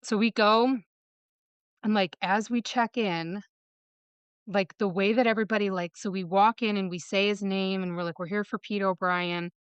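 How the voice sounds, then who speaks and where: A woman's voice: mid-range voice, steady tone, clear, resonant tone, no room sound, muffled recording. A woman from Michigan, a podcast guest, telling a personal story and quoting others as she goes, with lots of "like.". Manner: fast retelling, quoting others with "like".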